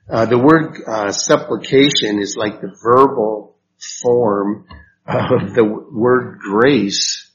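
A man praying and teaching a Bible study, talking haltingly with many fillers and restarts. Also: mid-range voice. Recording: dull lo-fi recording with faint noise.

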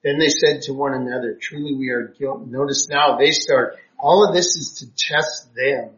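A man's voice: mid-range voice, moderate pace, fairly bright tone. A man teaching a Bible class, reading verses aloud and explaining them with frequent hesitations. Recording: roomy, dull lo-fi classroom recording.

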